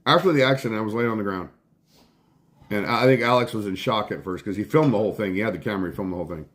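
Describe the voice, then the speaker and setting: A man's voice: fairly low pitch, racing, fairly bright tone. A middle-aged man hosting a casual live stream from home, telling a rambling story full of swearing and breaking off to thank viewers. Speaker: livestream host.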